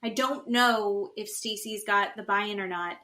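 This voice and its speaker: A woman co-hosting a podcast gives a casual reality-show recap, animatedly voicing the cast's quotes. Her mid-range voice runs a little slow, with a little hiss or hum on the recording.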